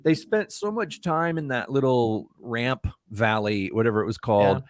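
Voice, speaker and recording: Man explaining calmly in a dry room. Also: medium pitch, normal speed, dry recording. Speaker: movie review co-host. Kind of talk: casual anime review chat.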